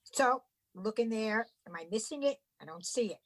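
A woman from the US East Coast telling a story in casual chat, animated and exasperated, swearing a lot. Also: fairly high pitch, moderate pace. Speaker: podcast co-host.

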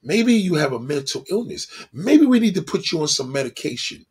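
A man voicing a calm male psychiatrist who gives measured advice. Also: a little high, slightly rough, pitched below the performer's own voice, exaggerated voice. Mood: advising.

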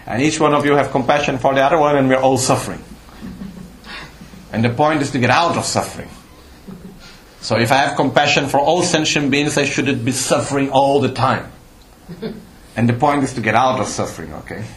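A man's voice: medium pitch, a little fast, long pauses. A man giving a Buddhist teaching to a live audience, explaining patiently and checking in with questions, with slightly non-native phrasing. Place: retreat teaching hall. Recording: roomy hall, faint ambience.

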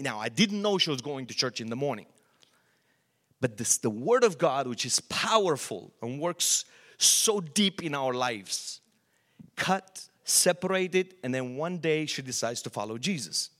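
A middle-aged man from Romania with a Romanian accent, preaching a sermon and telling his story with animated, rising questions. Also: on the high side. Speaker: pastor. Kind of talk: sermon testimony.

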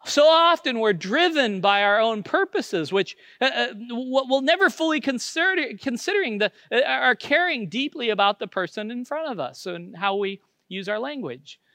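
A middle-aged man preaching a sermon as pastor, earnest, moving from loud emphasis down to hushed, almost whispered lines. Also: extremely high pitch, lively intonation, normal speed, few pauses, dry recording.

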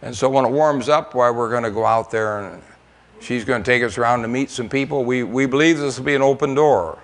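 A man's voice: mid-range voice, fairly quick. An older American man speaking to a church congregation, telling missionary stories in a folksy, rambling way with frequent fillers and repeated words. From United States. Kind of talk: church testimony and storytelling.

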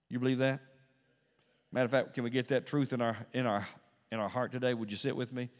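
A man preaching a Pentecostal sermon, swinging between hushed, slow passages and loud, rising emphasis, repeating phrases for effect. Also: medium pitch, level tone. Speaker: pastor. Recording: long reverb of a large hall.

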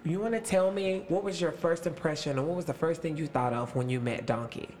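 A man's voice: on the high side, fairly quick, darkish tone, a little hiss or hum. A man in his late twenties, an actor, chatting with young castmates in a casual, upbeat, playful interview.

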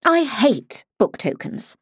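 A woman reading the part of a brisk, severe grown woman in an audiobook, her tone crisp and a little absent-minded. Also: a little high, sing-song, a bit bright, dry recording, clean studio sound, voice pushed up, full character voice. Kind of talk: audiobook character voice.

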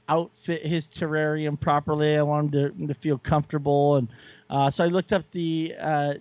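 A man's voice: on the high side, dry recording. Enthusiastic rambling man, dry lo-fi sound. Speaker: podcast co-host. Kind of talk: casual chat.

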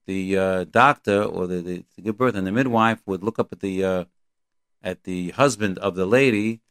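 A man delivers a Torah lecture in a somewhat low voice, moving between Hebrew verses and his own explanations. He talks in a halting, repetitive way but stays earnest and emphatic. The recording is dry and close. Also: a bit bright, clean tone, dry recording. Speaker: Torah teacher.

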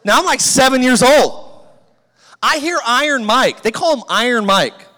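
High-voiced pastor, lively and jokey. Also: male voice, a little slow. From Southern California. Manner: animated, jokey, acts out quoted voices. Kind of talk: sermon with humorous storytelling. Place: large church hall. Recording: long church hall reverb.

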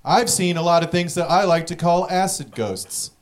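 A young man doing a stand-up comedy set, telling stories in a profane, rapid way with act-outs, audience laughing behind him. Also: high-pitched.

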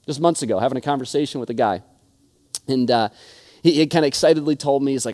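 Speaking fast in a medium-pitched, darkish voice, a young pastor tells stories earnestly during his sermon. He keeps restarting his words as he goes.

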